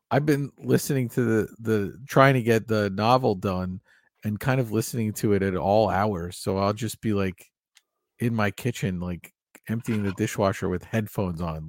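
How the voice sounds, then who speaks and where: A man's voice: fairly low pitch, no room sound, clean studio sound. A man co-hosting a podcast, talking in a loose, rambling way with lots of fillers. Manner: chatty and rambling, with many fillers and laughs. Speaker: podcast co-host. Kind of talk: casual podcast chat.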